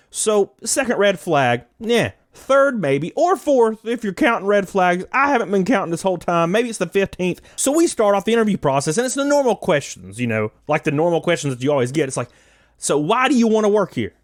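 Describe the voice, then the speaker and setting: Young American man, sarcastic storyteller, high and very animated, dry close mic. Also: dry recording. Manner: animated, sarcastic, swears, laughs at himself. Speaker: YouTuber telling a story. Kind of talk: casual storytelling rant.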